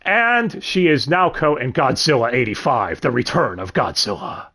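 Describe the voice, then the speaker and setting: A young man hosting a casual livestream, his pitch bouncing up and down as he talks. He rambles, trips over his words, swears freely and corrects himself mid-sentence. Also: animated, normal speed, bright, forceful tone. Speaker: stream host.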